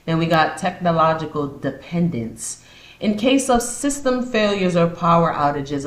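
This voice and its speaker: A woman hosting a podcast, reading points aloud and then riffing on them with sarcastic asides. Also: sits low. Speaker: podcast host. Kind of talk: casual commentary podcast. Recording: roomy echo.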